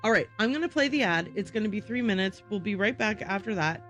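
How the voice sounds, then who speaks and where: A woman's voice: mid-range voice, animated, quick pace, a bit bright, faint music behind. A woman streaming a game and chatting casually with her viewers. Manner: chatty, talks to her chat. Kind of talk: casual game livestream chat.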